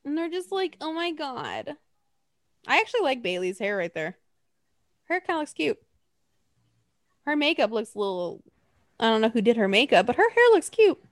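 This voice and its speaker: A young woman with a high voice that leaps around as she chats, animated and profane, laughing between thoughts. The sound is close and dry. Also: fairly quick, pauses often, no room sound. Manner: animated, swearing, laughing often. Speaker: podcast co-host. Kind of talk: casual chat.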